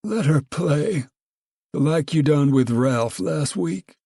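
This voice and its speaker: A man voicing a calm elderly woman who gently scolds children, speaking slowly and measuredly in a storybook reading. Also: on the high side, husky, no echo, clean studio sound, pitched above the performer's own voice, full character voice. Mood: reproving. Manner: slow and measured.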